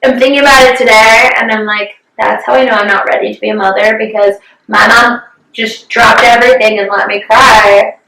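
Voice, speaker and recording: A woman's voice: fairly high pitch, steady tone, fairly quick, vocal fry, pushed and bright, reverberant, distant mic, low-quality recording. A young woman co-hosting a podcast, chatting candidly, swearing freely and acting out what others said. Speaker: podcast co-host. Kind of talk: casual chat.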